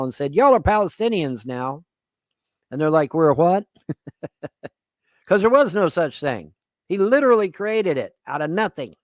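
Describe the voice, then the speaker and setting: A man hosts a live-stream commentary, ranting casually with rambling sarcasm and crude language into a close desk mic. His voice is on the high side, with no echo.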